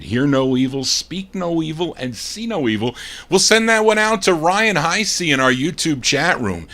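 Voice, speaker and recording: A man's voice: medium pitch, lively intonation, measured pace, pushed and bright. Chatty man spinning oldies records. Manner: chatty, reads label details aloud, stumbles and self-corrects. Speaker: radio show host. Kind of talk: casual record-spinning DJ patter.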